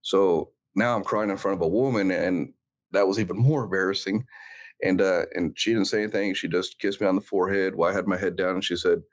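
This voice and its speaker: Deep-voiced guy telling his story on a podcast, earnest, lots of uhs and pauses. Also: fairly even intonation. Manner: earnest, reflective, halting with many fillers. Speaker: guest, former police officer. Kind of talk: personal storytelling in an interview.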